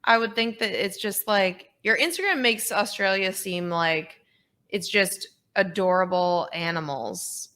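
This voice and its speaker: A woman's voice: medium pitch, unhurried, sharp tone. A woman co-hosting a comedy podcast, chatting casually and firing off teasing questions. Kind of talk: casual chat.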